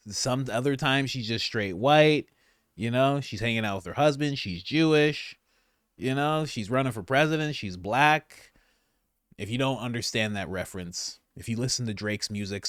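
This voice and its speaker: A man hosting political commentary over clips, sarcastic and animated, laughing often. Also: mid-range voice, no room sound, studio quality.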